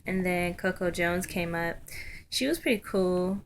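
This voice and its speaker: A young woman telling a story in a casual vlog, chatty and excited, full of ums and likes. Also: fairly low pitch, unhurried, slight background noise. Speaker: vlogger.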